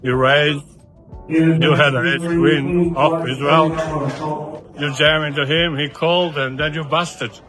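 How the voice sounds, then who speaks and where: Bright-voiced man, halting speech. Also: fairly high pitch, steady tone, faint music behind. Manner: halting, searching for words. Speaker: poker player recounting a hand. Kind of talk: casual anecdote.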